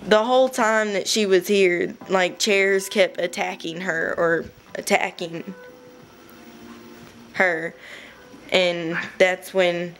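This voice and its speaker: A young woman casually telling a rambling story to her webcam at home, chatty and giggly, with quick bursts. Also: on the low side, steady tone, a bit bright, a little hiss or hum. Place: home room.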